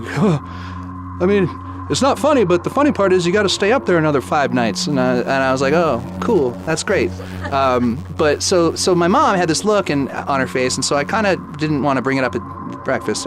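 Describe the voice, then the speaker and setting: A man in his thirties telling a personal ghost story in a casual way, acting out the quoted dialogue and using lots of "like". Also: mid-range voice. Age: 30s. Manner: lively retelling that acts out quoted dialogue, with many "like"s. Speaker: guest storyteller.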